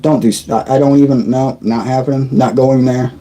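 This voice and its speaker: A man's voice: mid-range voice, steady tone, fairly quick, dark tone, a little hiss or hum, low-quality recording. A man, hosting a casual live stream, joking and laughing as he answers chat comments. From Indiana, USA. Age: 30s. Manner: chatty and joking, laughs often, stumbles and restarts.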